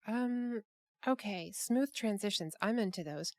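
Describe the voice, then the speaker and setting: A woman's voice: medium pitch, unhurried, darkish tone, no echo, studio quality. A woman hosting a casual group chat over a call, rambling with many restarts and fillers. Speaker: podcast host.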